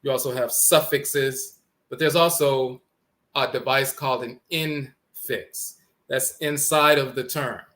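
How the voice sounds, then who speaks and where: A man's voice: medium pitch, steady tone, slow pace, a bit bright. A man giving an explanatory lecture, repeating words and sounding out letters as he teaches.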